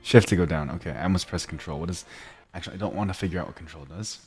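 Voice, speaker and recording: A young man giving casual gameplay commentary, talking to himself, muttering quietly at times and breaking into loud excited shouts. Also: low-pitched, fast talker. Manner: drops to near-whispered mutters while working. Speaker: gaming YouTuber.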